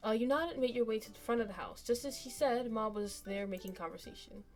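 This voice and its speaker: A woman's voice: a little high, fast talker, soft background music. A woman streamer casually narrating a story game, reading the text aloud and chatting between passages.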